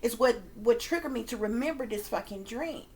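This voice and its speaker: A woman's voice: fairly high pitch, expressive, moderate pace, warm tone. A woman working as a psychic reader, telling her viewers a story in a casual, emphatic way, swearing often and acting out her own reactions.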